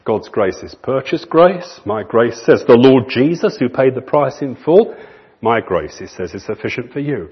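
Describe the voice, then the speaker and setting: Animated preacher with a husky voice. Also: male voice, medium pitch. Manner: earnest, with slow emphatic phrasing. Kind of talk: sermon. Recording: muffled lo-fi recording.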